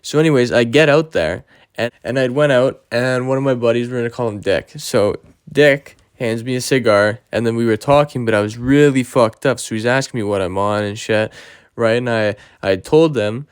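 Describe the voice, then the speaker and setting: A man's voice: mid-range voice, normal speed, clear, resonant tone, dry recording, studio quality. Rambling, profane young man telling a story. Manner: rambling, profane, lots of fillers like "you know" and "right?". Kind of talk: casual storytime monologue.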